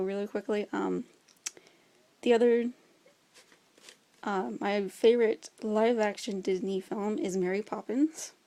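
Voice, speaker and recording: A woman's voice: medium pitch, mellow. A young woman chatting casually about her favorite movies, enthusiastic and full of fillers. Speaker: vlogger.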